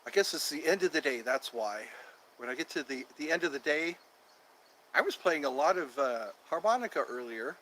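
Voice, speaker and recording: A man's voice: on the high side, lively intonation, moderate pace, bright, forceful tone, a little hiss or hum, low-quality recording. A man hosting a casual livestream from outdoors in the cold on his phone, rambling and repeating himself as he talks to viewers. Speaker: livestream host.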